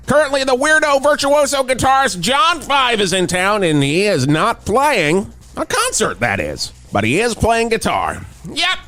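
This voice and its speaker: A man doing a shouty, excitable radio traffic guy. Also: high voice, voice pushed up, full character voice. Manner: loud and excitable, breaks into shouting. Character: hyped-up male radio traffic reporter, middle-aged. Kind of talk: comedic radio bit.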